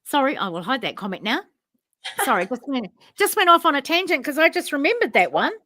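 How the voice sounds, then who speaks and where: A woman's voice: high-pitched, very animated, a little fast, bright, forceful tone, no echo. A woman, co-hosting a casual chat and telling a story, acting out both sides of remembered conversations. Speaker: podcast co-host.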